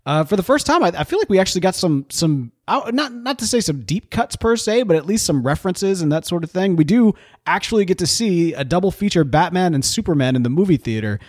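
This is a male podcast host with a fairly high, very lively voice. He talks in a loose, jokey way and keeps breaking into laughs as he riffs. The sound is dry and close. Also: fast talker, few pauses, dry recording. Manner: animated, jokey, trails into laughs. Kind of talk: casual chat.

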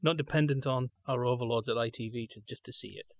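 A man's voice: mid-range voice, fast, gravelly, no room sound, clean studio sound. A man co-hosting a podcast, talking in a thoughtful, discursive way that drifts from point to point. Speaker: podcast co-host.

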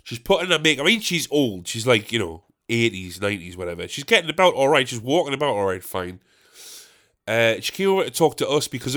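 A young comedian talking alone into the mic, rambling from one thought to the next. He is candid and sweary, in a casual, chatty way. His voice sits at a middle pitch. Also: very animated, a little fast, a bit bright. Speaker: podcast host and stand-up comedian. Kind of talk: rambling solo podcast chat.

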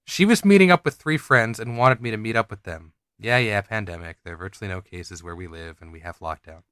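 In a smooth, lowish, fairly bright voice, a podcast co-host reads out a listener's story fairly quickly. He quotes it, then interrupts with laughs and chatty asides, all in a dry, studio-quality recording.

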